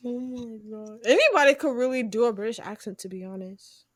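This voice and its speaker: A woman from the United States co-hosts a casual podcast, answering with quick exclamations and laughter. Her voice is fairly high, recorded dry and close. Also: no echo. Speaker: podcast co-host. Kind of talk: casual chat.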